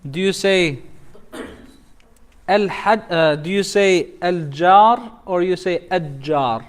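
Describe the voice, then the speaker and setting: A man's voice: high voice, takes it slowly. A man teaching a tajweed class as imam, quizzing students letter by letter and reciting each example word.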